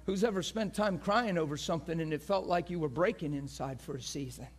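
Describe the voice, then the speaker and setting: A man with a high voice preaches a passionate sermon. He climbs to shouted peaks, then drops to a hushed near-whisper, and acts out the crowd's voices with sharp gasps. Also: a little fast.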